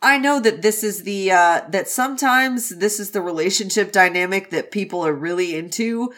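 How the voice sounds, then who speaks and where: A woman's voice: mid-range voice, normal speed, fairly bright tone. A woman co-hosting a casual book discussion, swearing freely, apologizing for herself and laughing often. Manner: profane, self-deprecating, laughs often. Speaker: podcast co-host reading from a novel.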